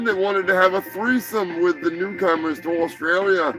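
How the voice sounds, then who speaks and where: A rowdy man hosts a live show and riffs on weird news with profane, mocking jokes. His voice sits a little high, and soft music plays faintly behind him. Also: fairly even intonation, normal speed, few pauses, low-quality recording. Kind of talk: crude comedic news chat.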